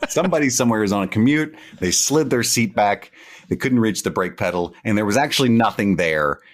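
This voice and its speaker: Male podcast co-host, very low voice that swings a lot, jokey riffing banter. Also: animated, brisk. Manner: joking, riffing, swings up into laughing asides. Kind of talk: casual chat.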